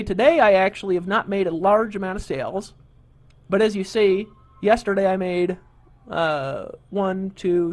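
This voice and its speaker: A high-pitched man hosting an online marketing webinar. He is middle-aged and talks like a pushy salesman, full of fillers and repeats. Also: gravelly. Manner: pushy salesman, scolds a complainer. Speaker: webinar host.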